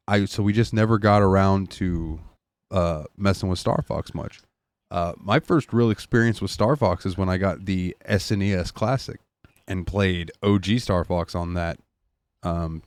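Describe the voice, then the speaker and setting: Male podcast guest, very deep voice, dry close sound, easygoing. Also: a little mellow, no room sound. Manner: easygoing, storytelling. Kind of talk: casual podcast chat.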